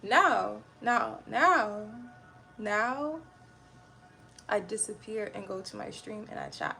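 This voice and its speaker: A woman's voice: mid-range voice, wildly swooping pitch, slow, creaky, pushed and bright, a little hiss or hum. A young woman livestreaming and chatting casually with her viewers, blunt and irritable and rambling from one thought to the next.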